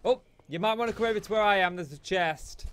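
A man's voice: high voice, fast, a bit bright, a little hiss or hum. A man hosting a co-op gameplay video, teasing his wife in casual banter. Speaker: let's play host. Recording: game music in the background.

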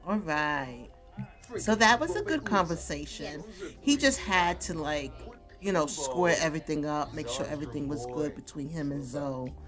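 A woman's voice: low voice, animated, normal speed, over music. Chatty woman playing a life sim game. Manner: chatty, laughs often, talks to the characters. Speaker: gaming YouTuber. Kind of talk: casual let's-play commentary.

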